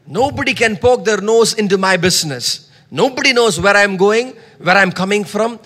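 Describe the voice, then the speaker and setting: A man preaching a sermon, reading scripture loudly and dropping to soft asides. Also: high-pitched, expressive, normal speed, in a large hall. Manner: emphatic, swings between soft asides and loud scripture reading.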